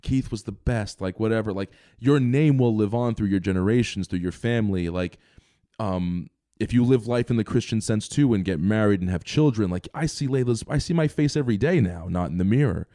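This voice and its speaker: A young man co-hosting a podcast, telling stories in a rambling, animated way with lots of fillers. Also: fairly low pitch, a little fast, no echo, studio quality. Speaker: podcast co-host. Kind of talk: casual chat.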